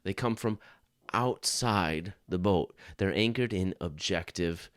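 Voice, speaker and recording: A middle-aged man hosts a Christian apologetics podcast, speaking earnestly and conversationally and often restarting his sentences. His voice sits low and moves slowly, recorded with studio quality and no room sound.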